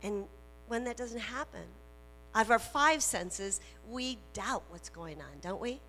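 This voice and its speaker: A woman minister preaching a sermon in a slow, emphatic way, repeating her key phrases. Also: fairly high pitch, animated, sharp tone. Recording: reverberant hall with faint music and hum.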